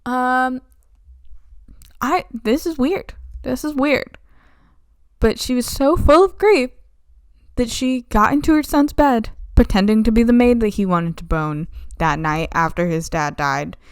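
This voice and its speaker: A young woman, working as a video essayist, sums up the plot of a play in a flippant, sarcastic, casual way, slipping into mock voices. Her voice sits on the high side and is unhurried with a clean tone. The recording is dry, with clean studio sound.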